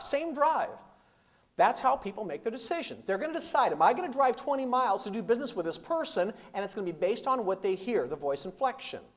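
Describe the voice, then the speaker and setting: A middle-aged man speaking as a business speaker to a seminar audience, emphatic, with rhetorical questions and repeated punchlines. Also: high voice. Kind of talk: live seminar talk.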